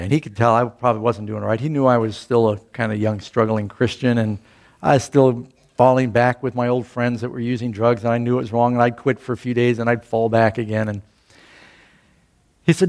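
A man's voice: medium pitch, steady tone, brisk, gravelly. An older man preaching a sermon, telling a personal story in a conversational way and raising his voice to quote scripture and other people. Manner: conversational, rising loudly for quoted scripture and speech. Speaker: pastor.

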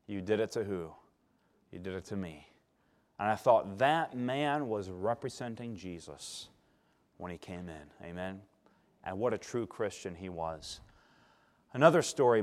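A male preacher telling a personal story in a sermon, shifting between loud emphasis and hushed tones and calling for responses from the congregation. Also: mid-range voice. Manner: calls for audience response.

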